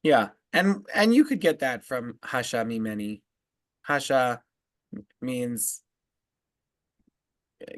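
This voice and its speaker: A man teaching as a rabbi, explaining word meanings in a halting way full of fillers and restarts. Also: mid-range voice, big pitch swings, no echo. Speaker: rabbi leading a text study. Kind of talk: casual teaching discussion.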